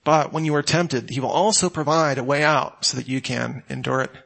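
A man's voice: mid-range voice, fairly even intonation, brisk, vocal fry, fairly bright tone. A man preaching a sermon as a pastor, emphatic, and ending with a spoken prayer. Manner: emphatic, rising to exclamations then closing in prayer.

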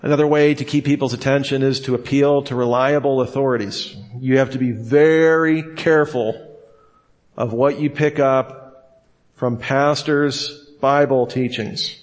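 A man teaching a room full of students in a lively, animated way. He throws rhetorical questions out to his listeners and slips into quick voices to act out his examples. His pitch sits in the ordinary middle range for a man. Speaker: teacher of preachers. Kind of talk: classroom teaching.

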